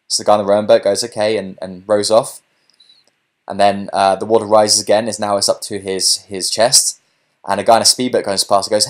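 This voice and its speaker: A man giving a webinar sales pitch as a business coach, pushing viewers to take action and often saying "okay" and "look". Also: flat delivery, a little fast. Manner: pushy, repeats "okay" and "look".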